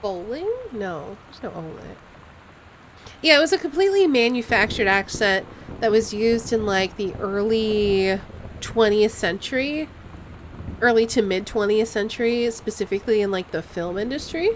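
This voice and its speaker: A woman's voice: mid-range voice, animated, moderate pace, slight background noise, low-quality recording. A woman streaming a game live, musing aloud and puzzling over clues as she plays.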